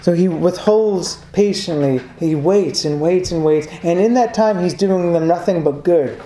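A man's voice: high-pitched, measured pace, mellow. A man preaching a sermon, earnest and building emphasis through repetition. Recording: echoey room, faint background noise.

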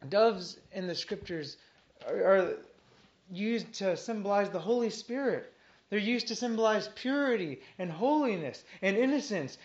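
A man's voice: sits high, lively intonation, a little slow. A man preaching an expository sermon, reading scripture aloud and stressing key phrases earnestly with repetition. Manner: reads scripture aloud between comments. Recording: dull lo-fi sermon recording.

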